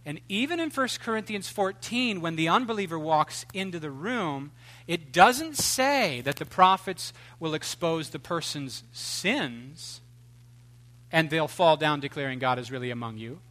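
A man preaching a sermon in an animated, joking way, swinging between loud outbursts and hushed asides. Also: a little high, measured pace. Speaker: pastor.

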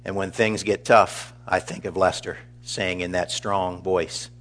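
A middle-aged pastor giving a funeral eulogy, earnest and measured as he tells stories. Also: sits low, little pitch movement. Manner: earnest, measured, warmly storytelling.

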